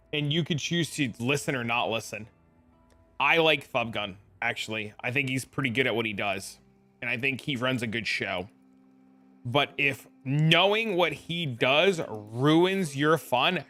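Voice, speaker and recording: A man's voice: medium pitch, sharp tone. A man streaming a game, chatting casually in a laid-back, profane, rambling way full of fillers. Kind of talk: casual live-stream chat.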